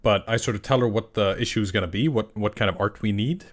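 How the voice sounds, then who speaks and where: Excitable rambling man from Iceland. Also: lowish voice, fast. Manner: rambling and excitable, many restarts. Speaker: game master and channel creator. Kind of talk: casual livestream chat answering questions.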